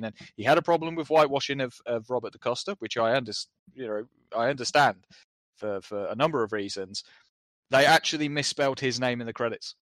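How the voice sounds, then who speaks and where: A man on a film podcast, chatting casually and grumbling about films he dislikes. His voice sits at an ordinary pitch, recorded dry and close with no room sound. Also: a bit bright, no echo. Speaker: podcast co-host.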